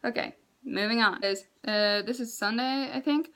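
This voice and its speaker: A woman's voice: fairly high pitch, moderate pace, sharp tone, low-quality recording. A young woman, a university student, telling a storytime vlog in an exasperated, ranting way with sarcastic asides. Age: young adult.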